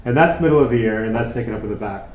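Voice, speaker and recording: Male hairdresser, quick and chatty, lively storyteller, recorded in a roomy salon with echo. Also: medium pitch, slight background noise. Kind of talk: casual chat while cutting hair. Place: hair salon, indoors.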